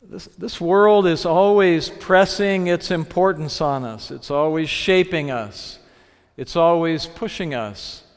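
A man giving a sermon, telling a story reflectively and slowing down to stress key phrases. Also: fairly high pitch, clear, resonant tone. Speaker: preacher. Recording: long reverb of a large hall.

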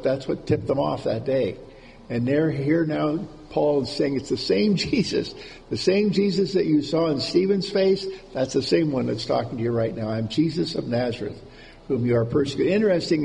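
A man's voice: mid-range voice, normal speed, vocal fry, dark tone. A man preaching a conversational sermon in an informal way, repeating key words for emphasis, heard in a reverberant hall with faint background noise.

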